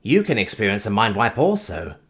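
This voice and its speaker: A man's voice: lowish voice, wildly swooping pitch, a little fast, creaky, a bit bright, full character voice. Sci-fi audiobook: male narrator as a formal, literal robot with a caring streak. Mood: worried. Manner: formal, stiff, no contractions.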